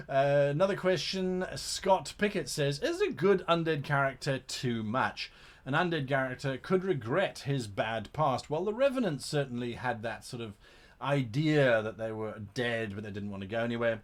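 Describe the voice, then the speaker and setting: A man's voice: mid-range voice, animated, moderate pace. An Englishman hosting a casual live Q&A as a game master, reading out chat questions in a chatty, enthusiastic way and often repeating words while he thinks. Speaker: livestream host and game master.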